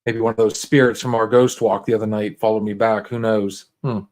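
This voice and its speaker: A man's voice: on the low side, flat delivery, fairly quick, a little mellow. A man hosting a casual livestream, talking straight to viewers in a laid-back, rambling way full of restarts and fillers. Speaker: livestream host.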